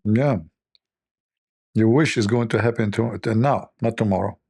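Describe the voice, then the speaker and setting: Host type: husky, low-voiced man, mocking and rambling as he jokes. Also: normal speed, darkish tone, no echo, clean studio sound. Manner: mocking, rambling, thinks aloud. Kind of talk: joking commentary.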